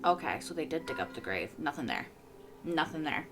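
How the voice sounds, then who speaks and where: A young woman hosting a TV reaction video, chatting casually and getting excited with laughs and quick bursts. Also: low-pitched.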